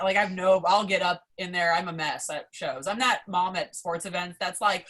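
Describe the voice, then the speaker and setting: A young adult woman, a podcast guest, telling a story in a casual, excitable way, swearing often and filling her talk with "like". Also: mid-range voice, a little fast. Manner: excitable, profane, heavy use of "like".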